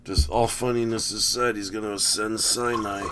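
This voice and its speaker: A man's voice: lowish voice, steady tone, moderate pace, noisy background. A man talking casually over a film, rambling with wry, sarcastic asides. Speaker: movie commentator. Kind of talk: casual running movie commentary.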